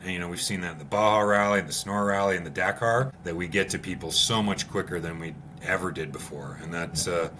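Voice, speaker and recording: Deep-voiced bright rally racer telling stories. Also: male voice, a little hiss or hum. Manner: relaxed storyteller, many fillers like "you know". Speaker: former rally racer and guest. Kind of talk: casual conversation.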